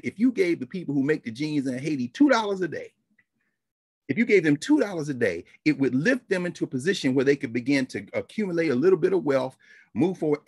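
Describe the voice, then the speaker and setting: An animated man holds forth in commentary, his husky voice swinging from high to low. He keeps acting out other people's voices as he goes. The sound is close and dry, with no room around it. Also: no echo. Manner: animated, plays out voices of officials. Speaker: history lecturer. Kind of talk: animated commentary with acted-out phone calls.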